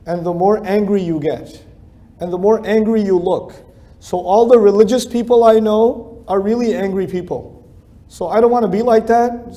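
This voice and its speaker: A middle-aged man lectures in a conversational way, often repeating phrases to drive a point home. His voice is mellow and warm, pitched a little high for a man. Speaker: speaker giving a talk.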